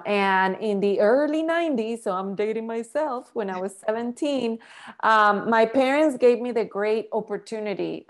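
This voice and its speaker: Lively woman from Colombia, casual interview guest. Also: mid-range voice. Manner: lively, laughs easily, mixes in Spanish. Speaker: guest, entrepreneur.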